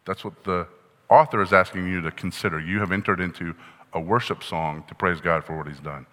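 A man preaches a sermon in a casual, teaching way, his voice bright and a touch low. He keeps putting questions to the congregation as he walks through the text. A long reverb trails behind him in the hall. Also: fairly even intonation, a little fast. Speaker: pastor.

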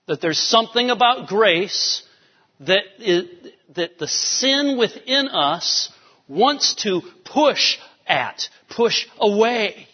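A man's voice: high-pitched, slow. Man preaching in an echoing church. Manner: animated preaching, swings from soft to emphatic. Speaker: pastor. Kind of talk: sermon. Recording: dull sound with long hall reverb.

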